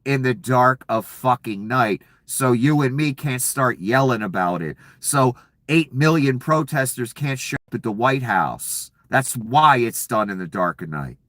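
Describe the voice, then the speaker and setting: A man's voice: mid-range voice, animated, measured pace, a bit bright, dry recording. Male commentator, furious profane rant with sarcasm, dry close recording. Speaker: political commentator. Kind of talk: angry political rant.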